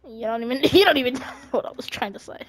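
A young woman chatting casually while playing a video game, excitable and often yelling at teammates. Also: fairly high pitch, very fast. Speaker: gamer streamer.

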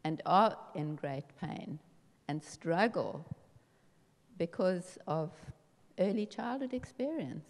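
A woman's voice: on the low side, expressive, slow pace. A woman taking part in a seminar discussion, thoughtful and hesitant, often restarting her phrases. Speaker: seminar participant. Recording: reverberant hall.

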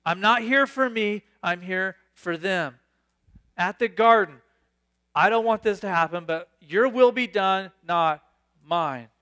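A man preaching a sermon, reading scripture aloud and riffing on it with animated, excitable asides. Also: high voice, slow pace, clear, resonant tone. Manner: animated, reads scripture then riffs with sudden bursts of excitement. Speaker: pastor.

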